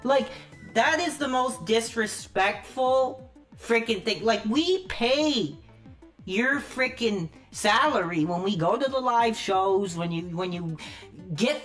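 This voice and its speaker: Furious livestreamer swearing through a rant. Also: female voice, a little high, animated, slow pace, faint music behind. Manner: furious, swears constantly, stumbles over words.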